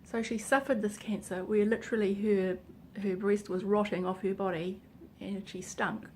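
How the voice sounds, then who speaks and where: A woman's voice: medium pitch, little pitch movement, normal speed, a little mellow, slight background noise. Earnest, emotional woman vlogger. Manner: earnest and emotional, voice drops to near-whisper at times. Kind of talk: casual personal vlog talk.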